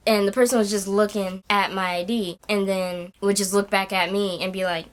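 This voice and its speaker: A woman's voice: medium pitch, steady tone, normal speed. A young woman ranting casually to camera in a vlog, exasperated and complaining, with many fillers. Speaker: vlogger.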